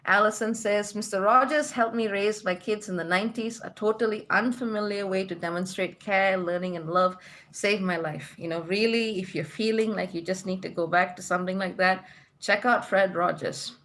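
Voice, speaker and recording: A woman's voice: mid-range voice, steady tone, moderate pace, a bit bright. A woman from Malaysia hosts a spiritual livestream, chatting casually with her viewers. She reads out their comments and greets each one. Her voice sits in a middle register, and she laughs easily between thoughts.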